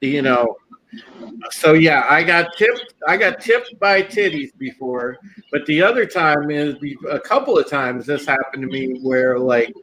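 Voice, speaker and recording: Stammering crude podcast host. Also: male voice, on the high side, expressive, a little slow, pushed and bright, slight background noise. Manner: stammering, repeats words, crude. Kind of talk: casual chat.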